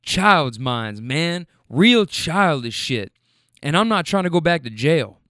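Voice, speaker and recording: A man's voice: fairly high pitch, sing-song, takes it slowly, bright, forceful tone, no echo, clean studio sound, full character voice. A man voicing a weary grown man who answers in plain, clipped street talk. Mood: matter-of-fact. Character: weary grown man leaving a bad living situation.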